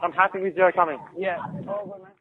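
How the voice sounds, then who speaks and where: A man's voice: high voice, fairly even intonation, fast talker, phone-quality sound. A man refereeing a rugby league match from the field, giving short clipped commands through a body mic outdoors. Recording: loud outdoor noise over body mic.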